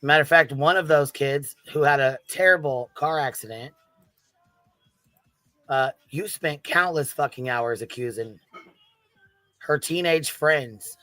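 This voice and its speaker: Bright-voiced man mocking, swearing. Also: on the high side, unhurried, long pauses, no room sound, faint music behind, low-quality recording. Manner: mocking, profane, combative. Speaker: commentary host. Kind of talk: reaction commentary.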